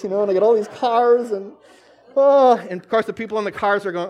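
A man's voice: high voice, fast. A man preaching a sermon, quoting scripture and acting out little scenes as he goes. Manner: animated storytelling, acts out scenes, quotes scripture.

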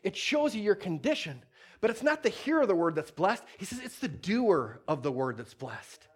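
A man's voice: high-pitched, sing-song, normal speed, husky. A middle-aged man preaching a sermon, telling a story with laughs and putting on little voices.

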